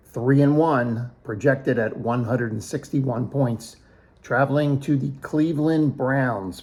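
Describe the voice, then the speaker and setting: A middle-aged man with a gravelly edge to his voice, talking through a fantasy football week in a relaxed, joking way. He pokes fun at himself and rattles off matchups, players and point projections, at an ordinary pitch for a man. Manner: jokey, self-mocking, rattles off picks and projections. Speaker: fantasy football league host. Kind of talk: casual weekly league preview.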